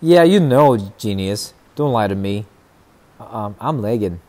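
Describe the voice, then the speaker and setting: A man's voice: fairly low pitch, lively intonation, unhurried, darkish tone, a little hiss or hum. A man streaming a shooter game, chatting casually with viewers and trash talking opponents. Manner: playful trash talk to chat. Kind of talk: casual gameplay commentary.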